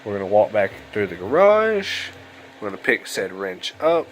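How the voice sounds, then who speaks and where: A man's voice: fairly low pitch, big pitch swings, moderate pace, slight background noise, poor audio. A young man giving casual, rambling gameplay commentary at home late at night, sounding tired and yawning. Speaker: let's play host. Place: home room at a computer.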